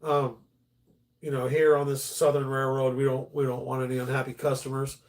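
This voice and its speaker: A man's voice: mid-range voice, monotone, brisk, lightly acted. A man doing a falsely polite conductor. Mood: mock-polite. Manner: overly polite, hesitant. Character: smooth, falsely polite male train conductor.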